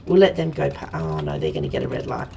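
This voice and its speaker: Australian woman, 40s, game streamer; low, strongly gravelly voice, chatty and rambling. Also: huge pitch swings, fast talker, warm tone, slight background noise. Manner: chatty and rambling, talking to viewers while playing. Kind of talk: casual let's-play chat.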